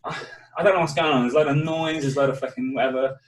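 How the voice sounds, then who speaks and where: A young podcast co-host with a mid-range voice tells a story rapid-fire, cursing constantly and animating every beat. It's a casual chat show, recorded from a distance in an echoey room.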